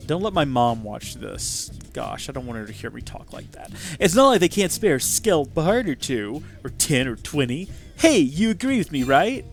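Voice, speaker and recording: Man doing a smarmy get-rich-quick schemer. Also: extremely high pitch, sharp tone, soft background music, voice pushed up, heavily acted. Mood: scheming. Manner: smarmy, accent drifting southern. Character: greedy scheming male tinkerer, boastful dreamer of riches.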